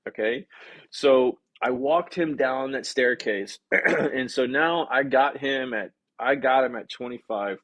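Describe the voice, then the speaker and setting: A man teaching sales negotiation on a live stream in an energetic, casual way, often checking in with "okay?" and reading viewer comments aloud. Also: medium pitch, takes it slowly. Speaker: sales coach.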